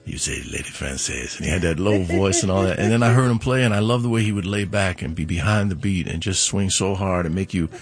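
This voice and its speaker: A middle-aged man speaks as a guest in a radio studio, unhurried and easygoing as he explains himself. His voice sits very low, with faint music under the talk. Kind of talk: relaxed interview talk.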